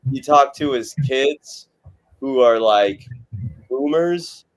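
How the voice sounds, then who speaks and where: Guy on a live panel, skeptical, keeps restarting his sentences, mid pitch. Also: low-quality recording. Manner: skeptical, halting with many restarts. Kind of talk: casual group discussion.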